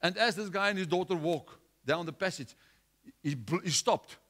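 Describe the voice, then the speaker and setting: A man's voice: high-pitched, moderate pace, fairly bright tone. A man preaching a sermon, exhorting his listeners with repetition and restarts.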